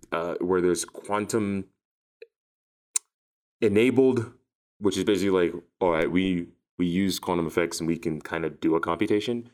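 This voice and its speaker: Guy with a lowish voice, rambling casual chat, lots of restarts, kinda sardonic. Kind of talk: casual conversation.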